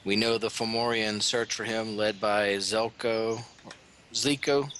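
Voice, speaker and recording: A man role-playing his character in a tabletop fantasy game, courteous and full of questions. His voice is on the low side, and a clear, steady background hum runs under the recording. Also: slow pace. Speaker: player.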